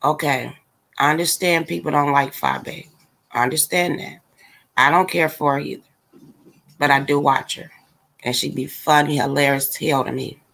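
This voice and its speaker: A woman with a somewhat low voice rants casually to her livestream audience. She is blunt and exasperated, and she speaks straight to the people watching. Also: steady tone, moderate pace, vocal fry, pauses often, a bit bright. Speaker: livestream commentator. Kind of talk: casual ranting commentary.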